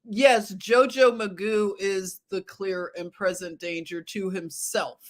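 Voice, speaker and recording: A woman's voice: mid-range voice, steady tone, slow. A woman hosting a casual livestream, reading news headlines aloud with sarcasm and chuckling at them. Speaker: livestream host.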